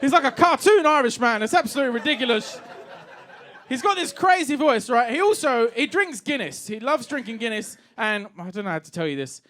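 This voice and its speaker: Man, 30s, stand-up comedian, wry, chatty, high voice, loud club crowd laughing. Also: animated, a little fast. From England. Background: audience laughter.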